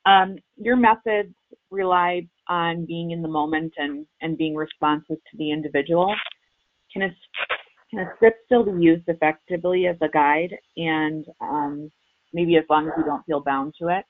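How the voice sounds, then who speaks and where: A man's voice: on the high side, steady tone, normal speed. A man interviewing a coach on a webinar, asking hesitant questions with fillers. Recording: tinny phone-like line.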